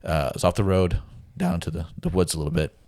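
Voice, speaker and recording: A man with a very low voice tells a story in a relaxed, easygoing way. He laughs often and acts out what people said to him. The sound is close and dry. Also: fast talker, vocal fry, dry recording. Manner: laid-back, laughs often, acts out quotes. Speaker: guest telling a survival story. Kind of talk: casual storytelling.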